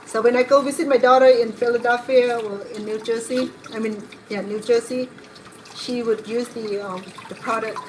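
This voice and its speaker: This fairly high-pitched woman, middle-aged, hosts a cooking channel and speaks at a moderate pace with mostly even intonation. Cooking at home, she drifts through digressive stories, while running water can be heard in the kitchen recording.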